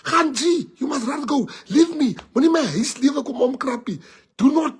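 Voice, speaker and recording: A man voicing his lovestruck ex-convict friend, high and pleading, with a South African accent, mixing Afrikaans into English. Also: normal speed.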